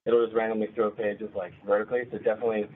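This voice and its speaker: A man's voice: on the low side, little pitch movement, rapid-fire. A man presenting at a user group meeting, answering audience questions in an informal, practical way, thinking aloud. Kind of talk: casual Q&A answers. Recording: tinny phone-like sound with faint noise.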